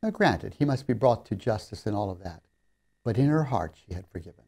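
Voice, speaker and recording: A man's voice: on the low side, animated, brisk. A man giving a recorded seminary lecture, telling stories in an earnest, emphatic way. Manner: earnest storyteller, warmly emphatic on key lines.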